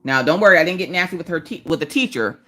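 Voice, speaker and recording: Lively low-voiced woman telling stories. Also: quick pace. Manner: storytelling, animated, switches into quoted voices. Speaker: livestream host. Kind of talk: casual chat while crafting. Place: home, on a couch.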